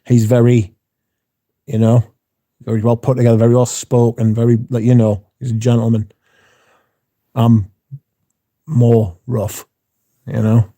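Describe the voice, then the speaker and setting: A man's voice: medium pitch, level tone, measured pace, pauses often, dark tone. A man hosting a livestream, chatting casually and reading out viewer comments in a rambling, plain-spoken way. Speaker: livestream host.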